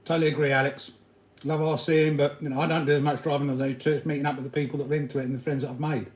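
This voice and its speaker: A man's voice: a little high, level tone, very fast. A man hosting a casual livestream, rambling and chatting to viewers while he eats and works on his RC cars. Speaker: RC hobby livestream host. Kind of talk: casual livestream chat reading comments. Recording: echoey room with faint noise.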